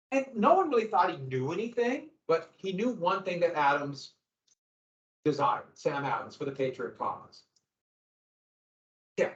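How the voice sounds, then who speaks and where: A man teaching a history class, lecturing in an animated way with asides and acted-out quotes. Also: fairly high pitch. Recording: roomy, dull lo-fi classroom recording.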